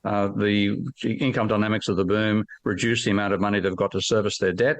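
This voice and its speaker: A man explaining ideas as an economist guest, fluent and emphatic, with a blunt edge. His voice is fairly low. The recording is dry and close, with no room sound. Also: flat delivery, brisk, no room sound. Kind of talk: podcast discussion, explaining.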